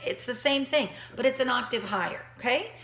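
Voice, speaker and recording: A woman's voice: on the high side, fairly quick, gravelly. A woman giving a piano lesson, talking straight to her student in an encouraging way, thinking aloud and counting beats. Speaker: piano teacher. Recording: roomy echo.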